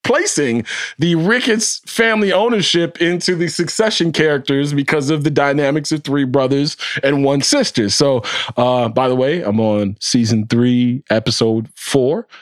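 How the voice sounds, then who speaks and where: A young man hosting a podcast in casual chat, joking and animated, with lots of laughter and repeated words. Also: medium pitch, moderate pace. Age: young adult. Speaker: podcast host. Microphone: close studio mic.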